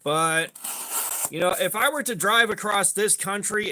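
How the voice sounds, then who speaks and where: A man hosting a casual livestream, his voice high and forceful. He rambles along, greets viewers by name and swears casually. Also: measured pace, slight background noise. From southeastern United States. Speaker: livestream host.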